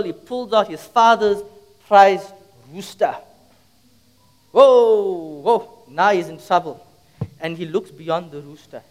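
A man preaching a sermon in a church, telling a story dramatically and pressing the congregation with repeated rhetorical questions. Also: on the high side. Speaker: pastor.

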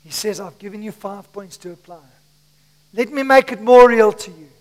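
A male pastor preaching a sermon to his church, swinging between shouts and hushed asides, his voice strained from shouting. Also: high voice, moderate pace, in a large hall. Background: congregation.

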